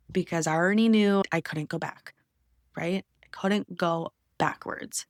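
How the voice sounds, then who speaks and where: A young adult woman hosting a podcast, telling a deeply personal story in an intimate, emotional way that sometimes drops to a whisper. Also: fairly even intonation, unhurried, no echo, clean studio sound. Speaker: podcast host.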